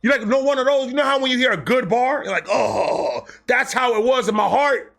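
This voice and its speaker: High-voiced young man telling a story. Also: a little fast, creaky. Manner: animated, acts out quotes with swearing and slang. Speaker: storyteller host. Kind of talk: casual comedic storytelling.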